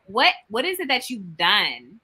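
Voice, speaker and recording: A woman in casual conversation as a co-host, chatting in a relaxed, rambling way full of "like" and "I be". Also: medium pitch, unhurried, husky, poor audio. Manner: chatty, repeats "I be" and "like". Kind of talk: casual chat.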